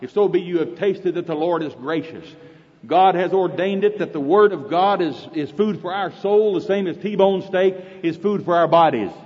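Brief: Oklahoma preacher, folksy and emphatic, fairly high voice, dull recording with long hall reverb. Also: male voice. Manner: folksy, emphatic, quoting scripture. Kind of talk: sermon.

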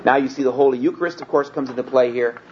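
A man teaching scripture in a sermon, earnest and emphatic, slowing down and rising in pitch when he reads the text aloud. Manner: earnest, emphatic, slows and rises on quoted scripture. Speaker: Bible teacher. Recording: dull lo-fi recording with faint hiss.

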